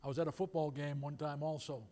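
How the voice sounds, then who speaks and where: An older man preaches in a church, his voice sitting high for a man. He drops to soft, intimate storytelling and then climbs to loud, fervent declarations. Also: fairly even intonation, fast talker. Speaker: pastor. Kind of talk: sermon with storytelling. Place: church sanctuary.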